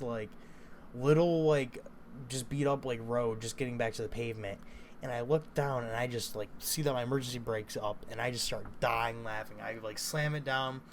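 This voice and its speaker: Young male vlogger, casual storyteller, rambling and profane, mid-range voice, faint noise. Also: mid-range voice. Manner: rambling, profane, lots of fillers.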